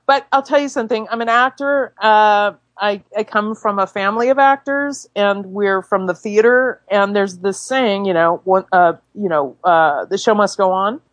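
A woman actor telling stories in a casual interview, animated and laughing easily, with many fillers and restarts. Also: medium pitch, moderate pace, hardly any pauses, no room sound. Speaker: actor and filmmaker guest.

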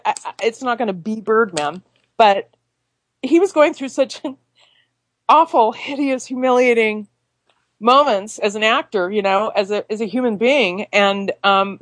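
A woman actor telling stories in a casual interview, animated and laughing easily, with many fillers and restarts. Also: a little high, no echo. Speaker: actor and filmmaker guest.

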